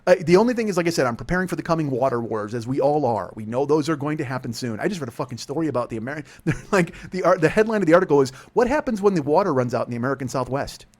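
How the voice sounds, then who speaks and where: A man's voice: a little high, animated, rapid-fire, hardly any pauses. A man in his forties hosting a comedy podcast, ranting in a rambling, profane way and laughing through his own bits. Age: 40s. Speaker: podcast host.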